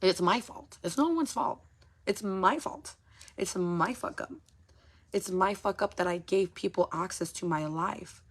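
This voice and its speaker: Husky, gravelly-voiced woman venting on a livestream. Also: mid-range voice, measured pace. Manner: rambling, emotional, swears often. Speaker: social media livestreamer. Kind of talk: candid livestream monologue.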